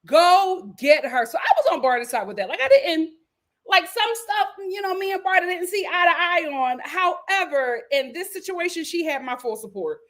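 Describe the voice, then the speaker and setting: A woman with a high, lively voice gives sassy reality TV commentary on a home livestream. She swings between loud, laughing outbursts and hushed asides. Her pitch bounces all over as she talks. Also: normal speed. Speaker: YouTube commentator. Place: home room.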